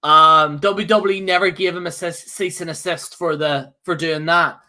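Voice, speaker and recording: A man's voice: fairly high pitch, fairly even intonation, moderate pace, bright, forceful tone. A man co-hosting a podcast, ranting with fiery, profane outbursts broken up by laughter. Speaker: co-host. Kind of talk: heated podcast rant.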